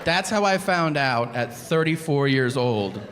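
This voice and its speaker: A man's voice: mid-range voice, measured pace. A stand-up comedian in his thirties telling a profane story on stage, acting out both sides of a conversation. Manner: animated, profane storytelling with acted-out dialogue. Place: comedy club stage before a laughing audience. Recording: reverberant venue with crowd noise.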